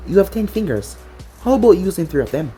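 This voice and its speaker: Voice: medium pitch, very animated, quick pace, warm tone, lightly acted. A narrator voicing a stern, powerful woman leader who talks in a commanding, dry way, over faint music.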